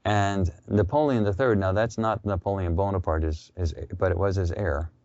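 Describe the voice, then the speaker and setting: Low-voiced man on dull radio audio. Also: fairly even intonation, moderate pace, a little mellow, dry recording. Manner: conversational, storytelling with quoted voices. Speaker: interview guest. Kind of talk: casual radio interview.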